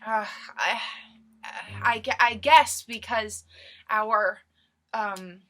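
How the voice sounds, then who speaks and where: A fussy carnival ringmaster, polite but fumbling, trips over his own words as a woman plays him. He talks slowly in a bright voice. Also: a little high. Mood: reluctant.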